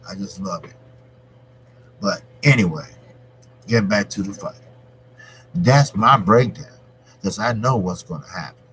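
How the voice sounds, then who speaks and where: A man hosting his own boxing channel, talking through a fight in a rambling, conversational way that grows animated when he argues a point. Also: fairly low pitch, measured pace, pauses often, slight background noise, poor audio. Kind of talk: casual boxing commentary.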